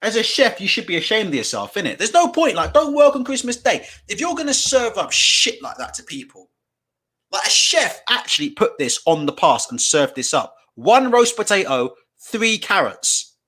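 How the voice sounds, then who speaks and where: Animated, high-voiced man. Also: moderate pace. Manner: animated, swears freely, laughs often. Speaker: live streamer. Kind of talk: live stream commentary.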